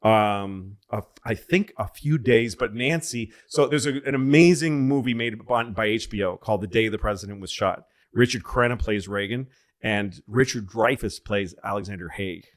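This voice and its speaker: A man on a comedy podcast telling a long rambling story in casual chat, profane and loose, breaking into loud excited bits. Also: lowish voice, normal speed. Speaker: podcast co-host.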